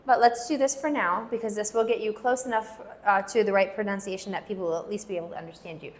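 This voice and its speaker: A woman teaching a language lesson, patiently repeating words slowly so learners can follow. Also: medium pitch, steady tone. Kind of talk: slow pronunciation lesson.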